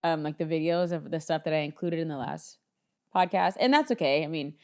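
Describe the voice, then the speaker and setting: A woman's voice: deep voice, a little fast, a little mellow. A woman co-hosting a podcast in casual chat, talking in a chatty storytelling way and laughing often. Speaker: podcast co-host.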